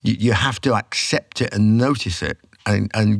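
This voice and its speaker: Gravelly-voiced man in his sixties. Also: fairly low pitch, moderate pace, no echo, clean studio sound. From England. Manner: animated storyteller, acts out quotes. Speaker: podcast guest, rock singer. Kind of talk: casual storytelling.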